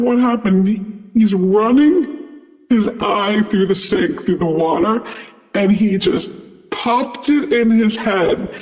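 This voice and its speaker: A man who works as a flight attendant telling a story casually, full of "like" and "you know". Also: high voice. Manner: chatty, lots of "like" and "you know". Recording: dull sound with long reverb.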